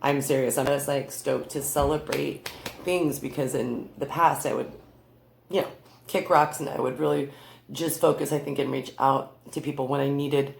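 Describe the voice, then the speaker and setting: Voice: medium pitch, fairly even intonation, normal speed, vocal fry, reverberant, slight background noise. A tarot reader chatting casually to camera in a rambling, effusive way, at home. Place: room in their new home.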